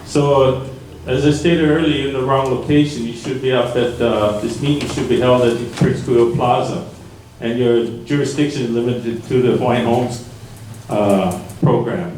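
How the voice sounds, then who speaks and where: A man giving formal, measured legal testimony at a planning meeting. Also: medium pitch, steady tone, darkish tone, a little hiss or hum. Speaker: public commenter at a planning meeting. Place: public meeting hall. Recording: echoey meeting room from far off.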